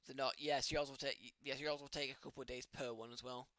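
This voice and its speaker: A man's voice: medium pitch, level tone, fast, sharp tone, no room sound, studio quality, voice pushed down. A man playing a flustered young weaponsmith. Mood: businesslike. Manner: hesitant, apologetic shopkeeper. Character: fairly young male human weaponsmith, flustered.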